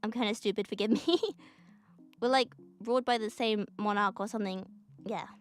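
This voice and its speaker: A woman's voice: mid-range voice, fairly even intonation, a little fast, faint music behind. A young woman streamer with a neutral British accent, chatting casually and rambling while she draws, often giggling and swearing offhand.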